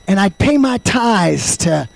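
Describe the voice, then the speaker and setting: A man in his fifties preaching a sermon, fervent, swinging between loud shouts and quiet storytelling. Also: high-pitched, sing-song, slow, vocal fry, no room sound, rough recording. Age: 50s. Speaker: pastor.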